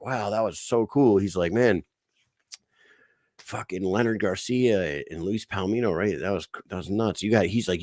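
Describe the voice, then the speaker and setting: Low-voiced man telling a rowdy story. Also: no room sound, studio quality. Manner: animated storyteller, swears a lot, acts out quotes. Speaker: podcast co-host. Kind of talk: casual chat.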